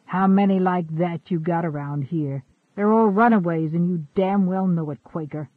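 A man's voice: high voice, normal speed, no room sound, phone-quality sound. A man playing a gaunt, sneering slave catcher with a mocking, menacing way of talking.

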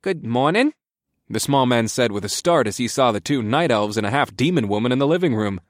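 A man's voice: mid-range voice, animated, quick pace, no room sound, studio quality. A man narrating a first-person story in a wry, matter-of-fact way.

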